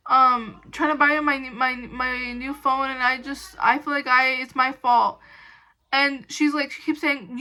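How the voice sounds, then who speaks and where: A young woman with a high, bright voice tells a personal story to the camera. She rambles casually, stacking "like" and restarting her sentences, with an indignant edge. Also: steady tone, normal speed, rough recording. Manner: indignant when recounting. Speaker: storytime vlogger.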